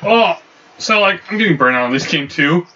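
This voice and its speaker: A man's voice: fairly high pitch, lively intonation, normal speed, noisy background. A man making brief, laid-back remarks while chatting over gameplay. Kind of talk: casual chat over gameplay. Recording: distant, dull, with music behind.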